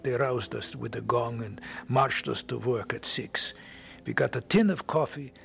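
An earnest man narrates a radio drama in the first person, his voice gravelly and mid-pitched. Soft music plays under him. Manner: earnest, heartfelt. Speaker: narrator and lead actor.

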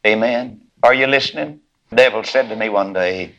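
A man preaching a sermon, telling a folksy story and acting out its voices, then rising into high, loud, drawn-out climaxes. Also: poor audio.

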